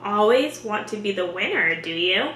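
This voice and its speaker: A woman's voice: mid-range voice, animated, moderate pace, pushed and bright, roomy sound, rough recording. A woman reading the lines of a cheerful, dreamy teenage girl in a light, breezy way.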